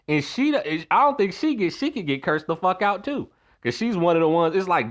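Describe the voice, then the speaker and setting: A man's voice: on the high side, lively intonation, brisk, fairly bright tone, muffled recording. A man telling a long story to his stream chat in a blunt, profane rant, acting out the voices of the people he quotes.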